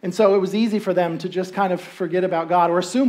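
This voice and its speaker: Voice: medium pitch, fairly even intonation, quick pace, darkish tone. A pastor preaching a sermon in a church in an easygoing, conversational way, checking in with the congregation and briefly acting out the voices of people in the story. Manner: checks in with listeners with rhetorical asks. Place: church sanctuary.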